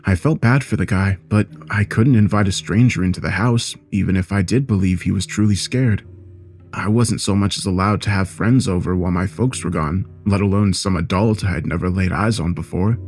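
A man reading a scary story aloud in a measured, steady storytelling voice. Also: low-pitched, faint music behind. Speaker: narrator. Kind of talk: scripted horror story narration.

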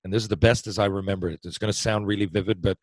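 A man with a Newfoundland accent and a fairly low voice spins a long story as a podcast guest. He rambles, doubles back on his words and drops a casual curse here and there. The sound is close and dry, with no room around it. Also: fairly even intonation, racing, no echo, poor audio. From Newfoundland, Canada. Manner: rambling, self-interrupting storyteller who swears and laughs easily. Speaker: podcast guest, former hockey player.

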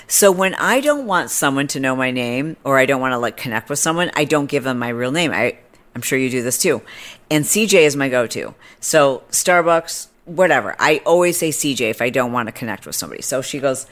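A woman's voice: a bass voice, big pitch swings, fairly quick. Brief: woman podcast host, casual storyteller, snarky and chatty.

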